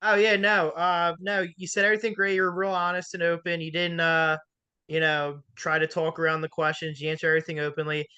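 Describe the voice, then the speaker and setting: A man's voice: a little high, little pitch movement, brisk, sharp tone, clean tone, dull audio. A man hosting a sports talk show, chatting casually and filling his sentences with "like" and "you know". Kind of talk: casual interview.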